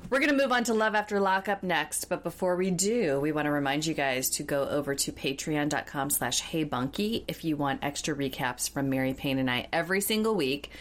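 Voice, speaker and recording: A woman's voice: sits low, fairly quick, few pauses. A woman hosting a podcast, talking casually and bluntly about reality TV, swearing and sarcastic, and reading out a plug for the show. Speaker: podcast host. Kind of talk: casual recap chat.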